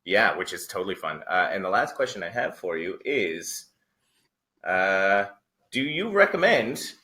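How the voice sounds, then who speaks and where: A man's voice: sits low, sing-song, measured pace, sharp tone. A man from Canada hosting a casual webinar Q&A on a video call, upbeat and full of fillers. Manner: upbeat, filler-heavy, laughing along. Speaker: webinar host.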